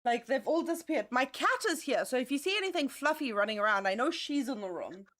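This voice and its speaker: A woman's voice: sits high, animated, fast, a bit bright. A woman chatting casually on a livestream, rambling, laughing often and swearing freely. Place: home, at a desk.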